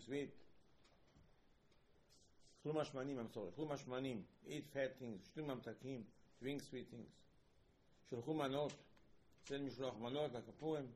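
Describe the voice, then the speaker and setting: A man giving an informal Torah talk as a rabbi, animated, repeating himself and acting out quoted lines, with non-native phrasing. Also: mid-range voice, normal speed, long pauses, slight background noise, low-quality recording. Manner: animated, repeats words, acts out quoted dialogue.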